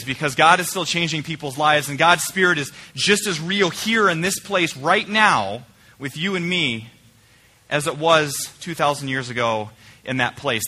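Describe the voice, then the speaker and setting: In a church sanctuary, a male pastor with a fairly high voice preaches a conversational sermon. He moves back and forth between emphatic points and quiet, searching questions.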